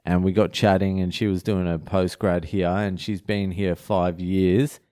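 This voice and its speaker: Aussie bloke rambling thru stories, swears a lot, kinda low voice, dry close sound. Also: male voice, flat delivery, unhurried, mellow, no echo. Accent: Australian. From Australia. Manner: rambling, profane, anecdotal. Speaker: comedian and podcast host. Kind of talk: solo storytelling chat.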